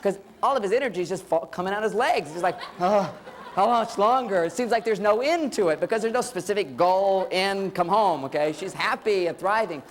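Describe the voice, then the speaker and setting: A man's voice: high voice, expressive, a little fast, hardly any pauses, slight background noise. Middle-aged male speaker, comic lecture delivery, plays both sides of the dialogue. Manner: playful, acts out dialogue. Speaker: relationship speaker. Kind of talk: humorous lecture.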